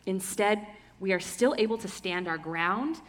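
A woman speaks in a calm, measured teaching tone as part of a sermon. Her pitch is average for a woman. A long reverb hangs on her voice, as in a big hall.

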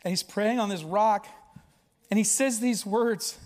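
Male pastor, very high voice, passionate preaching, loud to hushed, long hall reverb. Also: unhurried. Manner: impassioned, swings from loud to hushed. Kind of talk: sermon. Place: church sanctuary.

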